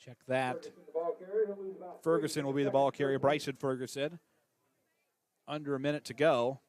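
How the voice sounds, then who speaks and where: Excitable small-town football play-by-play man. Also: normal speed, no echo. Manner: excitable, rises in pitch on big plays. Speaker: play-by-play announcer. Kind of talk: high school football play-by-play.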